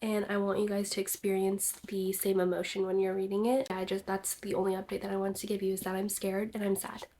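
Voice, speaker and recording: A woman's voice: medium pitch, flat delivery, brisk, few pauses. Chatty young woman gushing about books. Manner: chatty, gushing, filler-heavy. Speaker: book vlogger. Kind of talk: casual reading vlog chat.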